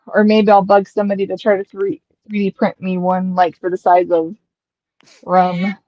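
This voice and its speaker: A woman streamer talks casually into a headset, wandering through her story with lots of fillers. Her voice sits in a middle pitch, and the sound is muffled and dry. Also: completely flat delivery, unhurried, no echo. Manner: rambling, full of fillers. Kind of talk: casual chat.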